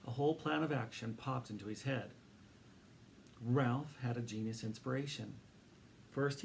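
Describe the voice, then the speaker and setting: A man's voice: mid-range voice, darkish tone, slight background noise. Man reading a children's book aloud. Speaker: narrator.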